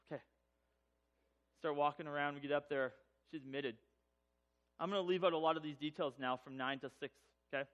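A man's voice: a little high, fast talker, highs cut off. A man telling a personal story to an audience, humorous and self-mocking, acting out the voices. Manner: animated, acts out voices in his telling.

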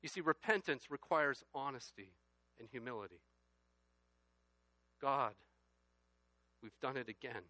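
A man preaching a sermon, reading scripture aloud and rising from quiet reflection to loud, emphatic passages. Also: medium pitch, unhurried, long pauses, dry recording. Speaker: pastor.

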